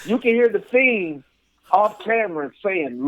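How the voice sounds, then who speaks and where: A man co-hosting a casual podcast, retelling a scene with lively acted-out voices and lots of "like" fillers. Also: high-pitched, unhurried, highs cut off. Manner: animated storytelling, acts out voices and crowd chants; frequent "and then all of a sudden" and "like" fillers. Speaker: podcast co-host. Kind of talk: casual chat.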